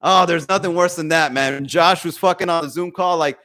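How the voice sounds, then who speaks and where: Swearing, animated comedian on a livestream. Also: male voice, fairly high pitch, a little fast, few pauses. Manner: animated, swearing, acting out quoted voices. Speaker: comedian and livestream podcast host. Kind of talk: casual livestream chat reading viewer comments. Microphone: phone for live stream.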